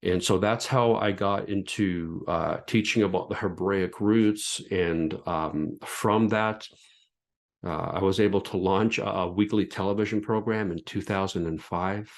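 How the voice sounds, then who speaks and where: A man's voice: low-pitched, steady tone, measured pace. A middle-aged man, hosting a podcast and telling his personal story in an earnest, reflective way with frequent restarts. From Canada. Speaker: podcast host and former pastor.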